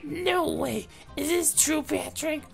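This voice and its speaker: A man voicing a surprised young girl companion in a high falsetto, reading game dialogue aloud. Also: slow, vocal fry, soft background music, heavily acted. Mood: shocked.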